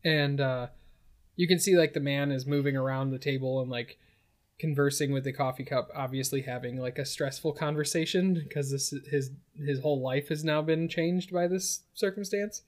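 A man's voice: on the high side, normal speed. A man telling an improvised comic story in a rambling way, full of fillers.

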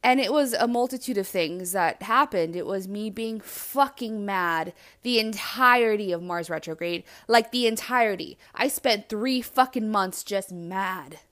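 A woman hosting a podcast, talking alone in a blunt, animated and self-reflective way and swearing freely. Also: medium pitch, unhurried, few pauses. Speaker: podcast host. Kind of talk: candid solo monologue.

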